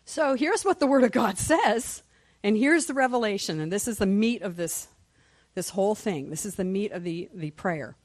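A woman's voice: medium pitch, lively intonation, moderate pace, darkish tone, no room sound. A woman teaching a Sunday school class in church, passionate and reading scripture aloud.

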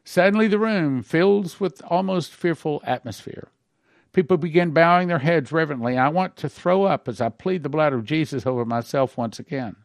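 Male pastor, middle-aged, somewhat high voice, earnest and emphatic, reads and comments, dry close mic. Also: normal speed, no echo. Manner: earnest, emphatic, breaks in to explain and warn. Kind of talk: reading a dream aloud with sermon commentary.

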